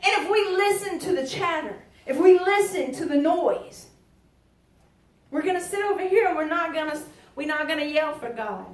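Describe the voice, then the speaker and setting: High-voiced woman preaching. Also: animated, moderate pace. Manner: emphatic, folksy and joking, drops to quiet asides. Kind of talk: lively sermon. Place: church sanctuary. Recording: echoey church from far off.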